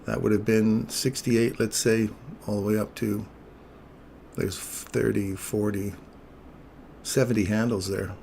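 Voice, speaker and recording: A man with a low, gravelly voice hosts a live trading stream. He teases his viewers and gets excited over his calls, and faint noise sits behind him. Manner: playful, teasing, excitable calls.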